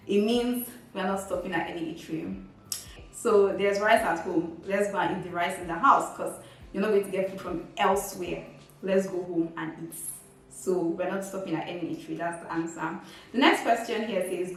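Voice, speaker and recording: A woman's voice: medium pitch, moderate pace. A young woman, chatting casually as a vlogger and reading quiz questions aloud with frequent laughs. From Nigeria. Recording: very echoey room, mic far off.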